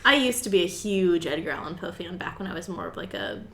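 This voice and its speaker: Low-voiced woman, rambling explainer. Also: sing-song, fast talker, bright, forceful tone, roomy sound, slight background noise. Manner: rambling explainer with many fillers. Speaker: podcast co-host. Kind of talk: casual chat.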